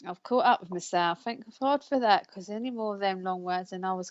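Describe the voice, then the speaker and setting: A woman's voice: medium pitch, animated, brisk, dull audio. Chatty woman hosting a live show. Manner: chatty, laughs often, stumbles over names. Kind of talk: casual live-stream chat.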